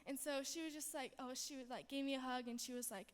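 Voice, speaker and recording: A woman's voice: high voice, fairly even intonation, fast talker. A young woman giving a chapel testimony, bubbly and rambling, with lots of fillers. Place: chapel hall. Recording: long hall reverb.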